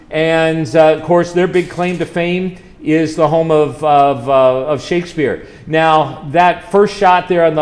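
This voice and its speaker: A man, a college chaplain, telling stories over slides and quizzing a live audience in a chatty way. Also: on the high side. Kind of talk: slide-show trip presentation.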